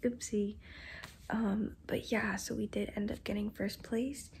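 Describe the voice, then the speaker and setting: Teen girl vlogger, hushed late-night recap, creaky low tones. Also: flat delivery, unhurried, slight background noise. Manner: talking quietly at night, half-whispered. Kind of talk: whispered casual vlog wrap-up. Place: home at night.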